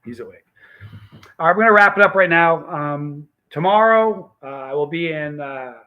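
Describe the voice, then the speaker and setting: Male vlog host, slightly high voice, casual, emphatic storyteller. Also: expressive, normal speed, phone-quality sound. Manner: rambling, emphatic, restarts sentences.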